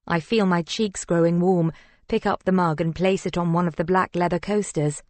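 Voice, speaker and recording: A woman narrating a first-person thriller audiobook in a measured, reflective storytelling manner. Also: lowish voice, fairly even intonation, a little mellow, no echo.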